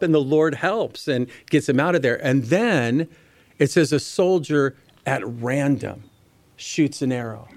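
A man's voice: medium pitch, dry recording. A man preaching a Bible teaching sermon. He reads passages aloud and explains them in a conversational way, speaking directly to his listeners. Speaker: pastor.

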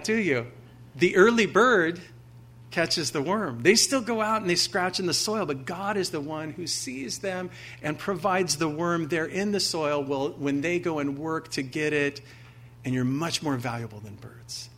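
A man's voice: on the high side, unhurried, a bit bright. A man preaching a sermon, reading scripture aloud with emphasis and asking his listeners rhetorical questions in a conversational way. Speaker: pastor.

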